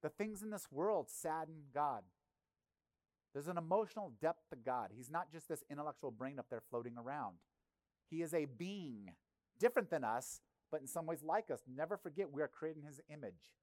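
A male pastor preaching a sermon in a conversational, animated way, often acting out quotes. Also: on the high side, normal speed, dry recording.

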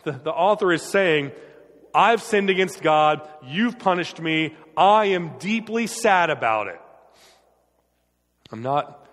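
High-voiced man preaching in a reverberant hall. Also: animated, slow pace, pauses often, a bit bright. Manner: earnest, emphatic preaching with repeated phrases. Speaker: pastor. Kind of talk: sermon.

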